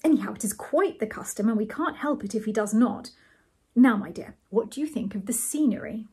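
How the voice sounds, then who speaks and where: A fussy, bashful older gentleman , voiced by a woman reading a storybook. He is polite and a little hesitant, with a soft, breathy tone. He talks near an ordinary speaking pitch. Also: expressive, fairly quick, full character voice. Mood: genteel. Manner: hesitant, polite, drops to a whisper when nervous.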